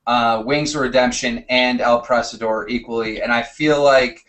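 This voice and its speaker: A man's voice: medium pitch, fairly even intonation, normal speed, fairly bright tone. A man hosting a live call-in show, speaking hesitantly with many fillers. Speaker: show host and moderator.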